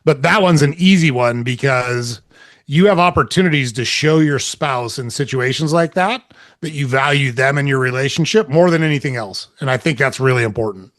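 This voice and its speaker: A man's voice: medium pitch, moderate pace, a bit bright, no room sound, studio quality. A middle-aged man telling a personal story in candid, casual chat as a podcast guest, swearing freely. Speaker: podcast guest, relationship coach.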